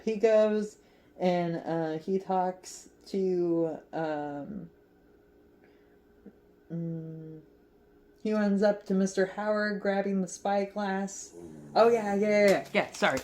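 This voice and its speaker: A woman's voice: mid-range voice, slow, long pauses, darkish tone, a little hiss or hum. A woman casually recapping a movie as a crochet vlogger, chatty and giggly, with lots of fillers.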